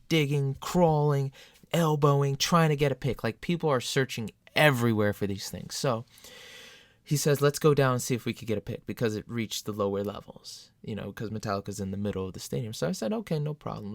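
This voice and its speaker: Male vlogger, mid-pitch, excitable storyteller, dry close sound. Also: no echo. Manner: excitable, animated retelling with sudden loud jumps. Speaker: metal fan vlogger. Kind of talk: casual storytelling to camera.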